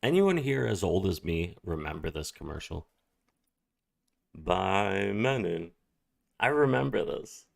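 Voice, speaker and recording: A male streamer making slow, profane reaction remarks to a clip he is watching. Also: low-pitched, big pitch swings, vocal fry. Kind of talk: casual reaction commentary.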